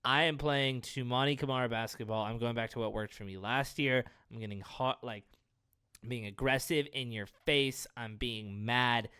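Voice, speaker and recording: Cocky ballplayer bragging in a bad fake french accent, slow and low, smooth voice as a podcast host puts him on. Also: male voice, steady tone, bright, forceful tone, no echo, studio quality, natural voice. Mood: defiant. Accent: mock French. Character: cocky young male basketball defender boasting.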